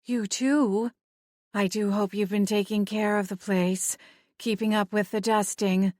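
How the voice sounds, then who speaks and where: A woman's voice: mid-range voice, steady tone, a little slow, a little mellow, no room sound, clean studio sound, lightly acted. A woman doing a flustered older aunt. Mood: prim fussing. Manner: fussy, trembling, stammering.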